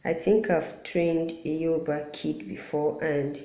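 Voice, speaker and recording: A woman teaching Quran letter pronunciation patiently, repeating each sound to demonstrate and pausing to apologize. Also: low-pitched, level tone, mellow. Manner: apologetic asides. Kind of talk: explanatory lesson. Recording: roomy echo.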